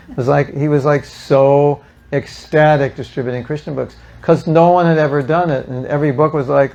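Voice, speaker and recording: An older man telling animated, humorous stories to a devotional gathering, acting out the people he quotes. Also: on the high side, brisk, creaky, few pauses, dull audio. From United States. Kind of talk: storytelling talk to an audience.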